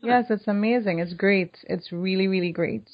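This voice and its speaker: A woman's voice: medium pitch, moderate pace. A woman with a Trinidadian accent, co-hosting a casual podcast chat and laughing easily. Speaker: podcast co-host. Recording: dull lo-fi sound.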